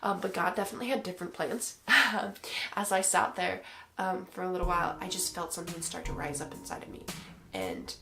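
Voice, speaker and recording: A woman's voice: on the low side, fairly even intonation, a little fast, creaky, a bit bright, slight background noise. A woman giving a personal faith testimony to the camera, talking earnestly and emotionally straight to her viewers.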